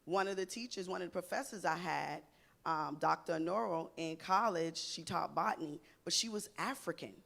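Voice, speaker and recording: A woman's voice: lowish voice, normal speed, gravelly, a bit bright. A woman speaking as a guest on a panel talk show, passionate and emphatic. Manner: passionate, gestures while speaking.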